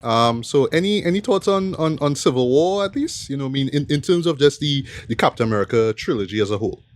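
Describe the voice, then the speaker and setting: A man's voice: medium pitch, lively intonation, fast talker. A man hosting a casual film review podcast, rambling with many fillers and "right?" tag questions. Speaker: podcast host.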